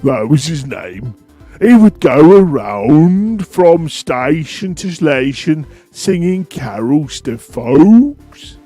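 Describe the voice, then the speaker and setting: A man putting on a slow, drawn-out old grandpa voice telling a bedtime story. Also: on the high side, sing-song, mellow, soft background music, heavily acted. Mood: cosy.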